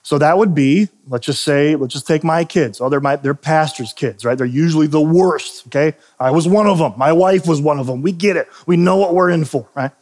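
Guy pastor preaching in church, kinda high voice, chatty and joking, lots of restarts. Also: brisk, hardly any pauses, darkish tone. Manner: conversational, self-deprecating, frequent restarts and fillers. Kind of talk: sermon.

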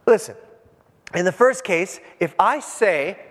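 A pastor in his fifties preaches to his church, joking and speaking straight to the people in the pews. His voice sits high for a man and swoops up and down all the time. The sound carries a long church-hall reverb. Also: fairly quick. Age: 50s. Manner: animated, jokey, talks straight to the congregation. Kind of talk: sermon. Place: church with a congregation.

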